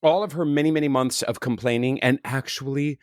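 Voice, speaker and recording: A man in his forties co-hosting a podcast, telling a story in a casual, animated way and acting out other people's lines in voices. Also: medium pitch, brisk, dry recording, studio quality. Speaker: podcast co-host. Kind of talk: casual chat.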